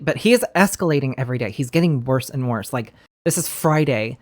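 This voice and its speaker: A woman's voice: deep voice, a little fast. Blunt, swearing woman reacting to a story. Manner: blunt, emotional, swears freely. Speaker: commentary host. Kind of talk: casual reaction commentary.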